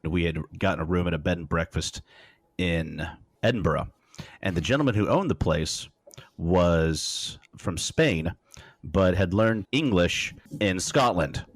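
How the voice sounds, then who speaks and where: A man with a low, deep voice chats casually on a podcast, dropping wry remarks and telling steady stories. The sound is dry and close, with no room around it. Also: a little slow, no echo. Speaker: podcast co-host. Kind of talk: casual chat.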